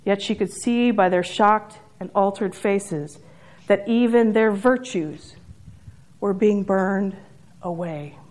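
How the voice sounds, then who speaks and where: A woman preaching, retelling a story in a measured and reflective way. Her voice sits at an ordinary pitch for a woman. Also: a little mellow.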